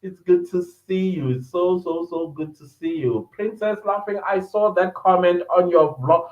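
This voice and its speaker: Reading his live chat aloud, a high-pitched man talks slowly and laughs a lot, greeting viewers by name during a casual livestream podcast. The audio sounds dull and lo-fi, with noticeable room echo.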